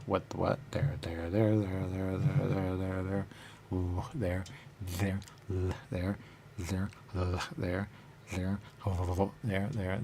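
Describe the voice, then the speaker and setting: A man talking in a rambling, trance-like monologue, halting and repeating the same phrases over and over. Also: sits low, gravelly, darkish tone, a little hiss or hum. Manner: repetitive, halting, circles back on phrases.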